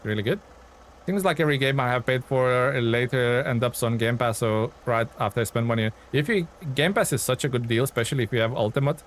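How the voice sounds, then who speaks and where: Excitable man chatting on a game stream. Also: medium pitch, brisk, a little hiss or hum. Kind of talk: casual live-stream chat while playing.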